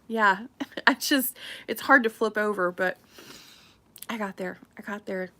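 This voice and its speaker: A woman's voice: mid-range voice, unhurried, sharp tone. A middle-aged woman, a real estate agent chatting casually on a live stream, rambling and laughing often.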